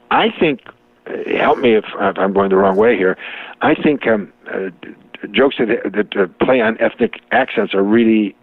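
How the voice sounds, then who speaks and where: A man's voice: on the low side, no room sound. An older man with a Chicago accent, a comic and professor talking through jokes in a rambling interview manner. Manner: rambling, restarts often, storytelling jokes. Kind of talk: interview conversation. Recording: tinny phone-like line.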